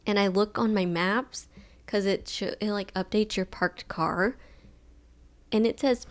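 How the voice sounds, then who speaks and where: A young woman hosting a solo podcast, telling a story in a chill, fairly monotone way, with lots of filler words. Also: medium pitch, measured pace. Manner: chill, laid-back, monotone delivery; rambling with many fillers like "like". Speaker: podcast host.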